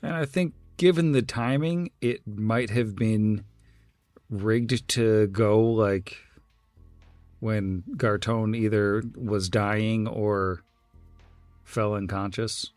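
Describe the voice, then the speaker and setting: A man's voice: lowish voice, steady tone, slow pace, darkish tone, no room sound, soft background music. A man running a tabletop game as game master, with wry, casual narration.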